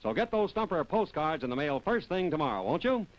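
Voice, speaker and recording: A man delivering a polished, scripted announcer read about prizes and postcards, his voice lively and well rounded. The sound is a muffled, lo-fi vintage TV broadcast. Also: fairly quick, a little hiss or hum. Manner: smooth, polished sales pitch. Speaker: show announcer. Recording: lo-fi 1960s TV broadcast.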